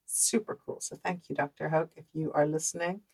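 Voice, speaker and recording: Low, gravelly woman with a Dutch accent. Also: a little fast, rough recording. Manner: animated, conversational, many fillers. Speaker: podcast host. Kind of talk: personal storytelling monologue.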